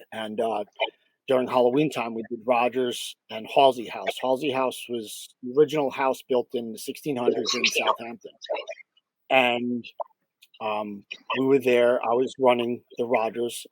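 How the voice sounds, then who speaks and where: A man at an ordinary middle pitch tells a paranormal case in a loose, conversational interview. He fills pauses with "um" and acts out what people said. The recording is close and dry. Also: no room sound, poor audio. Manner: animated storyteller, many fillers and acted-out quotes. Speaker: paranormal investigator, interview guest. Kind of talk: casual storytelling in an interview.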